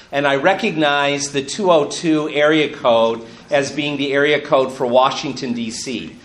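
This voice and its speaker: A man's voice: mid-range voice, a bit bright. A bishop in his fifties telling a personal story to an audience, good-humored and chuckling as he goes. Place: room with an audience. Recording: roomy hall echo.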